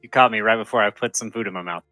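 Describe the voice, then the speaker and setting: A man joins a tabletop game with casual, dry jokes. His tone is bright and pointed, and the sound is dead dry and close. Faint music lies behind. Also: lowish voice, very fast, no echo. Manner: dry, joking. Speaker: player.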